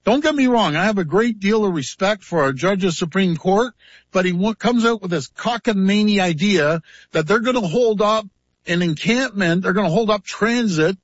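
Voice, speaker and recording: A man's voice: high voice, normal speed, no room sound. A man speaking bluntly and indignantly at a news conference, played as a clip. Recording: dull, dry archive clip.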